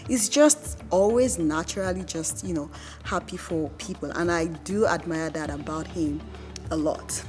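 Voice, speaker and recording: Woman telling lively stories. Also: lowish voice, measured pace, soft background music. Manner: lively storytelling, acts out quotes. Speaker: wife. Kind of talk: documentary interview.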